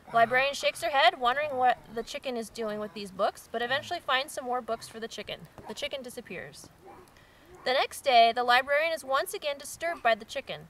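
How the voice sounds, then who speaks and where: Bright-voiced woman host reading jokes. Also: high voice, a little hiss or hum. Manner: giggly, breaks into laughter while reading. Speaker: channel host. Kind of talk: casual reading of viewer jokes.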